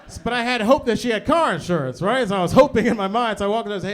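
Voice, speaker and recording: A man performing an animated stand-up comedy set on a club stage, often tagging jokes with "right?". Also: very high-pitched, quick pace, hardly any pauses. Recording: noisy live club recording. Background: audience laughter.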